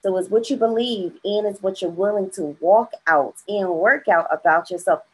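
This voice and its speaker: Upbeat husky woman hosting a morning show. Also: mid-range voice, moderate pace, low-quality recording. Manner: upbeat, encouraging, laughs easily. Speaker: host.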